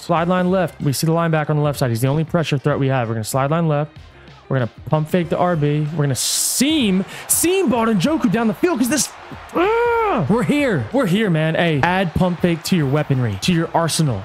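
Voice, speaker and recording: A man giving hyped, excitable commentary on his own football video game play, coaching himself and yelling at big plays. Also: fairly high pitch. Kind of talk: hyped live gameplay commentary.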